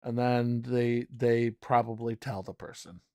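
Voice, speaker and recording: A man's voice: medium pitch, steady tone, a little slow, darkish tone. A man streaming a game live, commenting casually and wryly while thinking aloud and swearing now and then.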